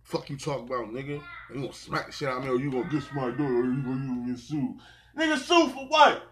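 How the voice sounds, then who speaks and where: A man's voice: medium pitch, lively intonation, very fast, a bit bright, a little hiss or hum. A man hosting a podcast, ranting in a brash, profane, trash-talking way with lots of repeated slang. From South Jersey. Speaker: podcast host. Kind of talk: profane solo podcast rant.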